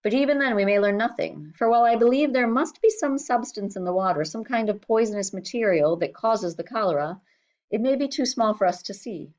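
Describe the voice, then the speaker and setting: Woman voicing an eager male doctor, brisk, explaining, mid-pitched, slightly dull sound. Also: animated, darkish tone, close to an everyday voice.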